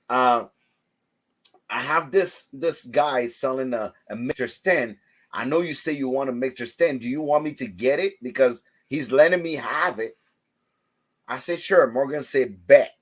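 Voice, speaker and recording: A man hosting a casual livestream chat, telling stories with lively, loud acted-out quotes. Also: medium pitch. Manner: animated storytelling, acts out quotes loudly. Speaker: host.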